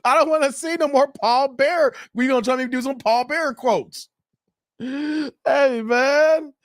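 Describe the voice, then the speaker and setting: A man's voice: very high voice, unhurried, no room sound, clean studio sound. A man hosting a live stream, laughing and bantering with his chat.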